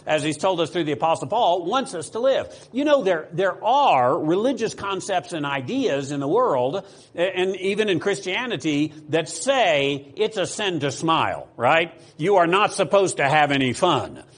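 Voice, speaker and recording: A man's voice: sits high, animated, normal speed, husky. A man from the United States preaching a sermon, talking casually with fillers, restarts and rhetorical questions to the congregation. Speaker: pastor.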